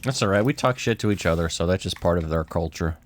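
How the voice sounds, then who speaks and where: A man's voice: low-pitched, quick pace. A man co-hosting a casual podcast, joking, teasing and swearing while tasting snacks. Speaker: podcast co-host.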